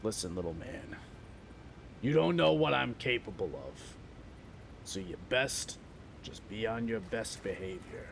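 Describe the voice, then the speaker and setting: A man's voice: lowish voice, lively intonation, unhurried, vocal fry, pauses often, fairly bright tone, slight background noise, full character voice. A man putting on a menacing New York mobster voice with a New York accent, swaggering and profane. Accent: New York, put on.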